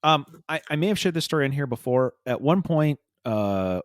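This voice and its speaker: Podcast host, rambly storytelling w lots of uhs, dead dry sound. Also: male voice, mid-range voice, expressive, moderate pace, no room sound. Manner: rambling, hesitant, with many filler uhs and restarts. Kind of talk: casual chat, storytelling.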